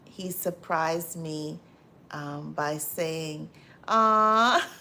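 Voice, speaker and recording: This livestream host keeps things casual, welcoming viewers by name and reading out their comments while laughing loudly and frequently and repeating herself. She has a lowish voice and takes her time speaking.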